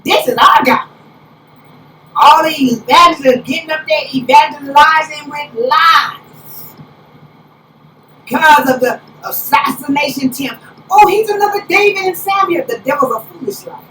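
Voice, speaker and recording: A woman apostle preaching a conversational sermon, telling stories with lively preacherly exclamations. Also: sits high, measured pace, long pauses. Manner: animated storytelling, preacherly exclamations. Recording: roomy, distant, faint background hiss.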